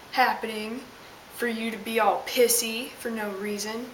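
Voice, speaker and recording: A woman's voice: fairly high pitch, fairly even intonation, measured pace. A young woman telling an exasperated, sassy story as a casual vlog rant. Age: young adult. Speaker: vlogger. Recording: roomy, distant mic with hiss.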